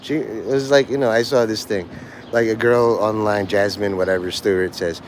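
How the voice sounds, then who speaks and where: A man's voice: on the low side, fairly even intonation, normal speed, slight background noise. A man livestreaming to a chat, rambling crudely from joke to joke and breaking into laughter. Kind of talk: rambling live-stream chat.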